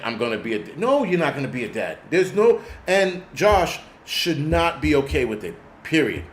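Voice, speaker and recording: A man's voice: fairly high pitch, slight background noise. A man hosting his own channel, ranting casually with lots of swearing, trailing off and groping for words as he goes. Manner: profane, rambling, loses track of words. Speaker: prepper channel host. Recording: echoey room with faint ambience.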